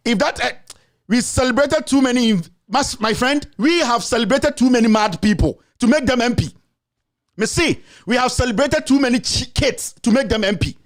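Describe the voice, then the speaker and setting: A Ghanaian man hosts his own commentary show and delivers a furious political rant. His voice sits unusually high for a man. He scolds and insults, repeating the same jabs over and over. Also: expressive, normal speed.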